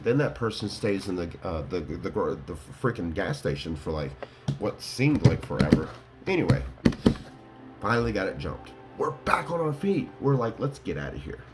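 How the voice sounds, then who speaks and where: A man casually telling his viewers a rambling story, laughing and full of fillers. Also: low-pitched. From Colorado. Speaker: vlogger.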